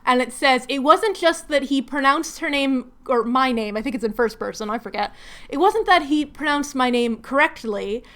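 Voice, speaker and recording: A woman's voice: high-pitched, expressive, moderate pace, a bit bright. A woman chatting casually while doing crafts at home, rambling and laughing often. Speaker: craft vlogger hosting a hangout.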